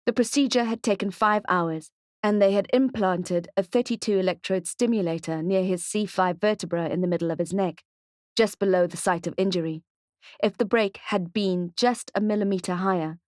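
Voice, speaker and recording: Woman audiobook narrator, steady measured reading, mid pitch, dead dry studio mic. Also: dry recording. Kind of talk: scripted narration.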